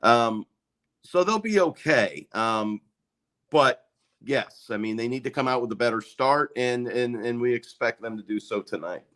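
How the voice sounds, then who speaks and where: A man's voice: medium pitch, lively intonation, unhurried, a bit bright. A man as a hockey reporter guest on a sports talk show, reassuring and easygoing, with frequent um and uh fillers. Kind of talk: casual sports talk interview.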